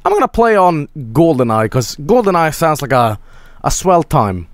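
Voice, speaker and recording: A man's voice: on the high side, sing-song, moderate pace, dry recording, clean studio sound. A man streaming a game, giving rambling, joking and profane casual commentary.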